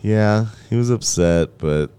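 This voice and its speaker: A man's voice: on the low side, slow pace, clear, resonant tone. A man hosting a podcast, telling profane, laughing stories in casual chat. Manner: laughing, profane, animated storytelling. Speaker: podcast host.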